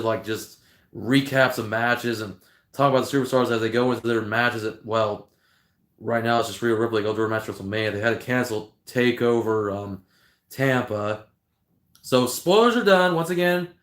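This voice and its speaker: A man's voice: medium pitch, fairly bright tone. A man hosting a casual livestream, rambling and talking to his chat viewers. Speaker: livestream host. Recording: echoey room.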